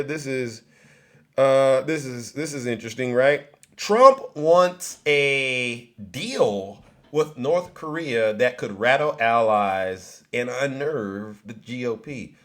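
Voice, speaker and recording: A man hosting a political commentary live stream, mocking and animated, talking straight to his viewers. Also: mid-range voice.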